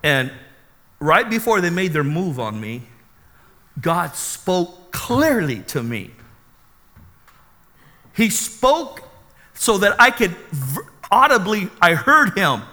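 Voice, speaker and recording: A man preaching his own testimony as an animated, dramatic storyteller, with a long hall reverb around him. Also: sits high, slow pace, long pauses.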